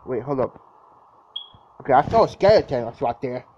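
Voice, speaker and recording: A man's voice: medium pitch, lively intonation, moderate pace, mellow. A young man commentating his own gameplay in a casual, jittery way, exclaiming often and repeating himself. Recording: dull lo-fi mic with clear background noise.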